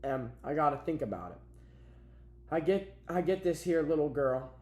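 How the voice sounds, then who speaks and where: A man's voice: a little high, animated, normal speed, a little mellow, highs cut off, close to an everyday voice. A man voicing a weary middle-aged migrant farm worker in a drawling rural dialect, recorded in a roomy space. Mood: anguished. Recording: roomy echo.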